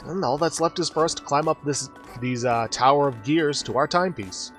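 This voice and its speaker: A man's voice: fairly high pitch, brisk, music in the background. A man hosting a let's play, explaining the game step by step as he plays. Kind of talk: casual game commentary.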